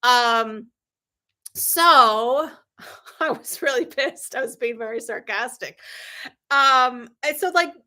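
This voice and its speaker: Female live-stream coach, middle-aged; high bright voice; chatty, sarcastic storyteller who acts out quotes. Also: slow, pauses often. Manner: animated storyteller, acts out quoted dialogue with big pitch jumps; frequent ums and laughs, candid and sarcastic. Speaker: business coach hosting a livestream. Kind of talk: live-stream talk with anecdotes.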